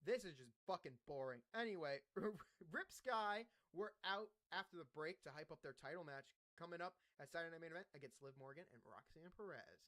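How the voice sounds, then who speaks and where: A man's voice: a little high, expressive, moderate pace, pushed and bright. A young man hosting a wrestling podcast, recapping the show casually, swearing and joking at himself. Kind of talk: casual wrestling recap, reading notes aloud.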